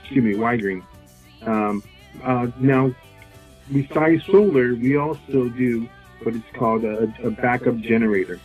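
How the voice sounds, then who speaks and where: A man working as a solar sales representative, explaining his offers in casual interview talk, halting with many fillers and restarts. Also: mid-range voice, narrow, tinny audio, soft background music.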